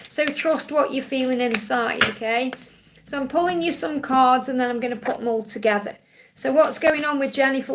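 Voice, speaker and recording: A woman's voice: high-pitched, a bit bright, slight background noise. A woman hosting a live Q&A stream, doing tarot readings in a soothing, reassuring way and repeating her key phrases.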